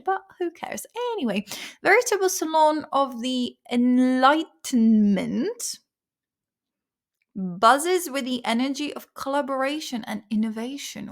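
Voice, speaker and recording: Her voice is high-pitched and her pace measured as she runs a relaxed study-along vlog on vocabulary. She's playful and meandering, repeatedly sounding words out.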